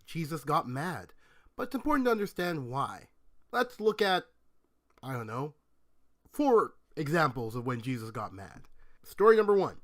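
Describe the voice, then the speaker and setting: A man's voice: a little high, fairly bright tone. A man teaching a conversational Bible lesson, retelling stories and explaining them step by step with rhetorical questions. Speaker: Bible speaker answering questions.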